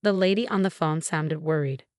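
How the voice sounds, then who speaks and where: A woman narrating a story in a measured, even way. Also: low-pitched, dry recording, studio quality.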